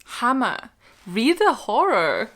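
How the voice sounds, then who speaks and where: Excitable high-voiced woman book vlogger. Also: slow, a little hiss or hum. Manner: excitable, gushing, laughs often. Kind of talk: casual vlog chat.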